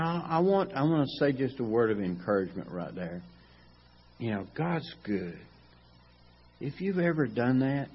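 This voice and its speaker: A man preaching a sermon in a folksy, animated way, repeating phrases for emphasis. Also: on the high side, husky, lo-fi sound.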